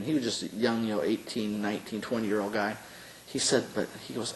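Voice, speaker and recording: A man's voice: on the low side, moderate pace, pauses often. A middle-aged man, a pastor, recalls events in an oral history interview, telling the story earnestly with many fillers. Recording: roomy with faint hiss.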